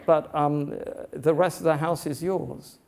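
A man's voice: a little high, fairly even intonation, a little slow, creaky, darkish tone. A man preaching gives Jesus's lines in a story in a patient, reasoning voice that turns stern at the end. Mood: calm. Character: Jesus, calm and authoritative grown man.

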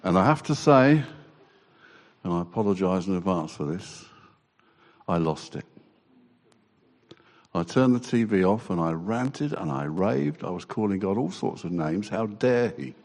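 A man giving a halting, emotional personal testimony to a church congregation. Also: low voice, sing-song, darkish tone. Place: church hall. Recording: long church reverb.

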